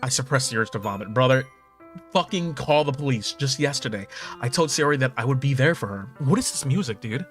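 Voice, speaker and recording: A man streaming a game, reading its dialogue aloud and breaking off into excitable, profane reactions. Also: mid-range voice, fairly quick, soft background music.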